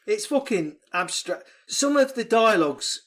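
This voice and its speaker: Animated, sweary man reviewing a film. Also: high voice, measured pace. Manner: animated, sweary, recaps plot with mock voices. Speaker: podcast co-host. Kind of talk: casual film review chat.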